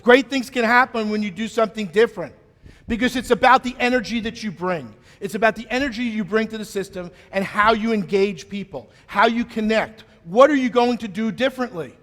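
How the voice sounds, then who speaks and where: A middle-aged man giving a keynote speech on stage, telling a story in a playful, animated way. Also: high voice, moderate pace. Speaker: keynote speaker. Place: conference stage in a large hall. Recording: long reverb of a large hall.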